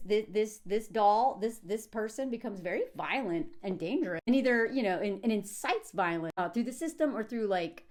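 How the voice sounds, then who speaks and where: A woman giving casual reaction commentary on a TV scene, animated and laughing often as she acts out quotes. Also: mid-range voice.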